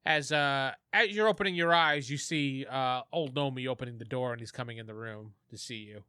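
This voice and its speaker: Bright-voiced playful male game master. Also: mid-range voice, clean tone, no echo, studio quality. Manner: laughing, playful, halting. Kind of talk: narrating a tabletop game.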